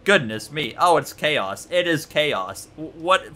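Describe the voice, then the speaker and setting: A man giving excitable, jokey let's-play commentary on a racing game, yelping and repeating himself when things go wrong. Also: fairly high pitch, takes it slowly, few pauses. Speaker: gaming YouTuber.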